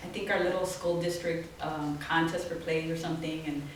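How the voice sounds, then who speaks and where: A woman tells animated stories, laughing often and slipping into the voices of people she quotes. She sits back from the mic in a very echoey room, and a faint hiss runs under her voice. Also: low-pitched, a little fast, far from the mic. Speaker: guest artist. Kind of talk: storytelling talk. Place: small office event space.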